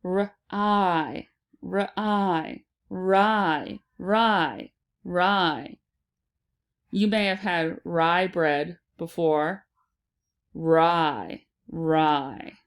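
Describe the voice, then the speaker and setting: A woman teaching a phonics lesson to children, sounding out and repeating words slowly and deliberately. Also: on the low side, clear, resonant tone.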